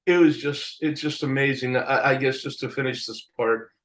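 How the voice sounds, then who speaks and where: Animated male storyteller who laughs often. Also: medium pitch, moderate pace, poor audio. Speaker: album cover artist telling a story. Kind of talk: casual storytelling interview.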